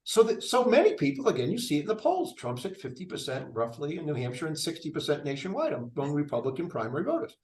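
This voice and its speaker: Older male candidate, lively, rambling delivery, slightly high voice, roomy echo. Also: fast, hardly any pauses. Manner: animated, rambling, frequent restarts. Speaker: presidential candidate. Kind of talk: casual interview talk. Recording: echoey room.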